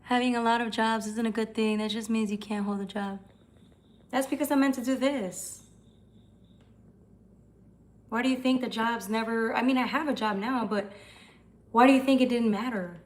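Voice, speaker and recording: A woman's voice: fairly high pitch, steady tone, normal speed, long pauses. A young woman hosting a tarot livestream, chatting casually and answering comments, with some swearing.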